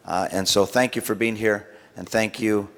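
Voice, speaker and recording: A man on a city council giving a solemn, deliberate speech with many pauses, in a large council chamber. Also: on the low side, fairly even intonation, fairly bright tone. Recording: long reverb of a council chamber.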